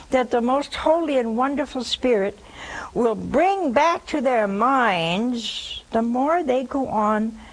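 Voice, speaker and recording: A woman's voice: a little high, creaky, low-quality recording. A woman hosting a religious call-in show, preaching with emphasis, repeating her points and adding scornful asides. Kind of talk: religious preaching and answering callers.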